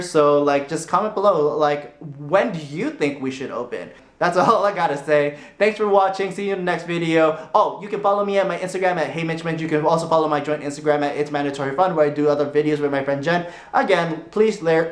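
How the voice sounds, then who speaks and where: A man vlogging his opinions in a casual, rambling, animated way, laughing easily as he talks. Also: a little high. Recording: roomy echoey room.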